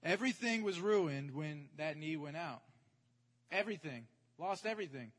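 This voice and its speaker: Guy preaching a story, super animated, keeps asking the crowd stuff, echoey hall. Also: on the high side, normal speed. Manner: animated, chatty, engages audience. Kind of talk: sermon testimony storytelling.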